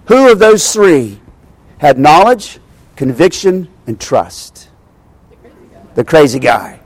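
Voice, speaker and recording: Male pastor, animated sermon storyteller, slightly high voice, dry close sound. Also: unhurried, no room sound, a faint crowd. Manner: animated storytelling, addressing the congregation directly.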